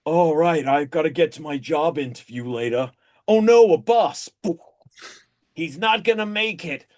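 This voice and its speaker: A mellow surfer-dude angel drawls through easygoing, breezy lines, sounding a touch higher than the average man. A man puts him on as a quick improv bit. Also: lively intonation. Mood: laid-back.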